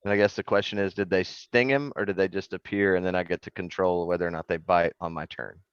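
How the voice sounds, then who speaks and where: Low smooth-voiced man player. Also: steady tone, fast talker, no room sound, muffled recording. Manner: joking, teasing, asks rules questions. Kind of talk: casual tabletop play.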